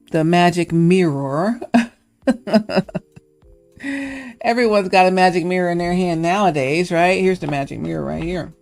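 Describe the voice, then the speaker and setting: A woman with a low, gravelly voice, chatting casually to her livestream audience. She muses in a playful way, slips into quick impressions of characters, and then turns to earnest encouragement. Soft music runs faintly behind her. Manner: playful and musing, drifts into encouragement; acts out little voices of characters. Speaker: live stream host.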